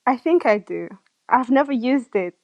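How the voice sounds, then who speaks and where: A woman's voice: on the high side, lively intonation, moderate pace, no echo, highs cut off. A woman chatting casually on a live video call, laughing often and self-conscious about her own voice. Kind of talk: casual live-stream chat.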